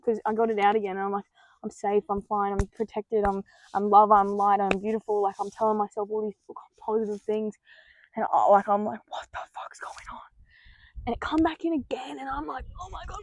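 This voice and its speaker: A woman's voice: a little high, a little mellow, no room sound. A young woman hosting a podcast, telling a personal story in casual monologue, swearing freely and acting out her own panicked thoughts. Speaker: podcast host.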